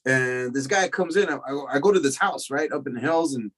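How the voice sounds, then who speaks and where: A man giving a casual, profane recovery talk, telling his story with animated acted-out quotes. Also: medium pitch, brisk, low-quality recording. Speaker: recovery lecture speaker.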